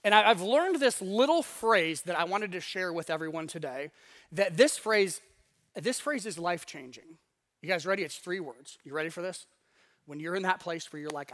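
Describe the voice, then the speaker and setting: A man preaching a sermon in a conversational way, acting out inner voices, with wide swings in loudness. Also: on the high side, moderate pace. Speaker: pastor.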